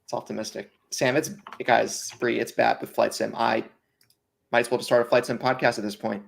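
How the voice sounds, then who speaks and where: A man's voice: medium pitch, flat delivery, a little fast, gravelly. A man co-hosting a casual podcast, teasing and joking with his co-hosts. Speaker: podcast co-host.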